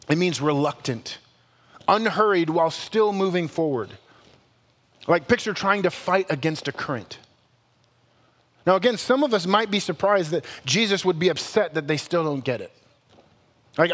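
Male pastor, sermon, high-pitched voice, long hall reverb, casual animated delivery. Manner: conversational, animated, self-correcting humor.

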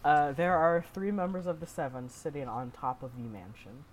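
Man as game master, casual and lively in pitch. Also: normal speed, a loud crowd. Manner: casual, filler-heavy narration. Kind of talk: tabletop game narration over voice chat.

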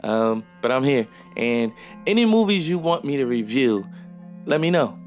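An opinionated man hosts a casual podcast, reviewing a film and speaking straight to his listeners, often pausing on "um". His voice sits at an ordinary middle pitch, with faint music playing softly underneath. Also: animated. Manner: opinionated, frequent "um" fillers, direct address to listeners.

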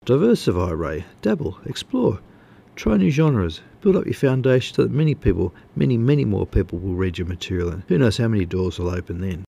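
Man voicing a smug male magazine editor, lecturing, brisk, lively pitch jumps. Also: gravelly, husky, lo-fi sound, heavily acted.

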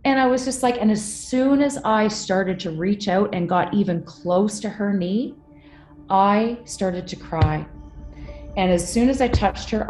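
A woman's voice: lowish voice, mellow, roomy sound. A middle-aged woman telling a personal story with candid emotion, swearing freely. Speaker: guest.

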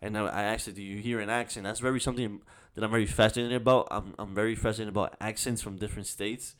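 Young new guy rambling on a podcast, swears a lot, lowish voice. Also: steady tone, fast, clear, resonant tone. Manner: rambling, profane, laid-back storytelling. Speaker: podcast host. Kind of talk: casual chat.

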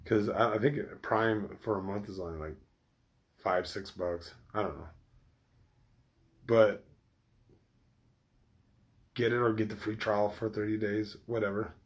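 A man's voice: on the low side, steady tone, measured pace, long pauses. A man chatting casually to his viewers, rambling, swearing freely and restarting his sentences often. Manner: rambling, loose and profane, with many restarts. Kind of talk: casual chat.

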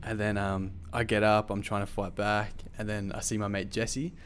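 Man, lowish voice, casual storytelling, animated, swears a lot, loose fillers. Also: moderate pace, slight background noise.

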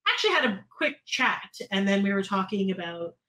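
A woman's voice: sing-song, fairly quick, sharp tone, low-quality recording. A woman from Canada, co-hosting a podcast and telling a story in a chatty way, with lots of fillers. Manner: chatty, many fillers, acts out other people's lines in higher voices. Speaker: podcast co-host. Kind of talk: casual chat, telling a story.

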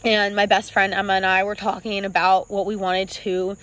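A young woman in her twenties tells her own story in a vlog, earnest and halting. She fills her pauses with ums and restarts and keeps close to tears. Her voice sits at an ordinary middle pitch. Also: level tone, a bit bright, low-quality recording. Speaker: clothing brand founder.

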